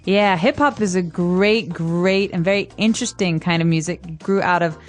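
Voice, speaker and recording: A woman's voice: fairly low pitch, normal speed, faint music behind. A woman co-hosting a language-learning podcast, explaining things patiently with examples in a casual teaching chat. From United States. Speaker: podcast co-host.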